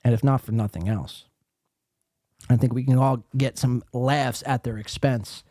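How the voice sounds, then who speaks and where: A man's voice: mid-range voice, fairly even intonation, unhurried, warm tone, no echo, clean studio sound. A man from the East Coast hosting a podcast, reacting sarcastically to a livestream and reading chat aloud with plenty of swearing. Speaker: podcast host. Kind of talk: casual commentary on a livestream.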